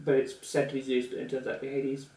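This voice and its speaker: A man's voice: medium pitch, completely flat delivery, fast, crowd noise. A man co-hosting a casual film review chat, laughing often and acting out characters in silly voices. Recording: echoey room, mic at a distance.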